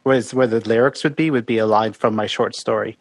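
A man's voice: lowish voice, steady tone, quick pace, dry recording. A man guest on a podcast, talking about his music in a friendly, chatty way with many fillers. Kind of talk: casual interview chat.

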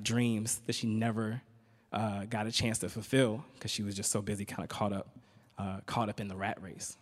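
A comedian and spoken-word poet from Richmond, Virginia, tells a comic story on a hall stage, conversationally teasing the crowd with asides and frequent "right?". His lowish voice is a bit bright, with the long reverb of a performance hall.

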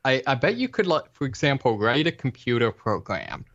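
A man rambles through a casual podcast chat, stopping and restarting his sentences and leaning on fillers. His voice is a medium pitch, and the recording sounds a little dull and lo-fi. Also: sing-song, a little fast, fairly bright tone.

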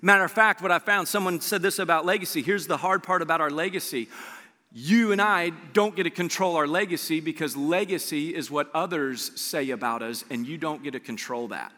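Male pastor, sermon delivery, animated with big upward pitch jumps, acts out dialogue; bright tone, long hall reverb. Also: brisk. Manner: animated preacher, voice jumps high for emphasis.

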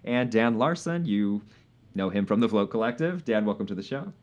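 A man hosting a casual live podcast, easygoing and quick to laugh, with plenty of "uh" fillers. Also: lowish voice, lively intonation, a little mellow. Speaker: podcast host.

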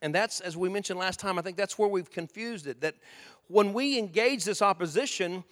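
A man preaching a sermon as a pastor, acting out arguments and rising to shouts. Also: sits high, moderate pace. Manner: acts out both sides of arguments, rising to shouting. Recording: long hall reverb.

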